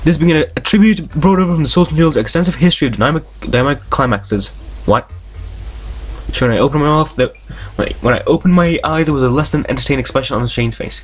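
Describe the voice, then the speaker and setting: A man's voice: a little high, expressive, fast talker, breathy edge. A man hosting a let's play, reading a visual novel aloud and breaking off into jokes, tangents and frequent swearing. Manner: reads story text aloud, stumbling over words.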